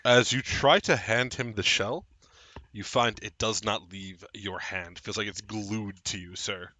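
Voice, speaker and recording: A man's voice: on the low side, steady tone, a little slow, pushed and bright. A man narrating as game master of a tabletop role-playing session.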